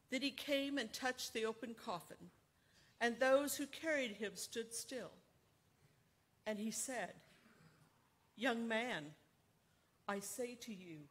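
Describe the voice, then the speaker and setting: Female worship leader, slow deliberate scripture reading, slightly high voice. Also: a bit bright. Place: church sanctuary.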